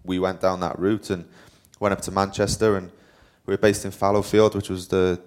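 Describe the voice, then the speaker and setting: A young man from Wales, a professional cyclist, is a guest at a live talk, spinning casual, rambling stories at his own expense. His low, slightly mellow voice barely moves in pitch, and he speaks at normal speed.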